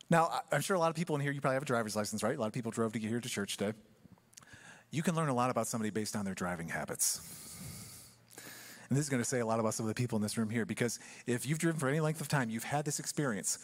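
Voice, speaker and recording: A man preaching a sermon in church, telling the story with humor and acting out quick asides. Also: medium pitch, lively intonation. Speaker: pastor.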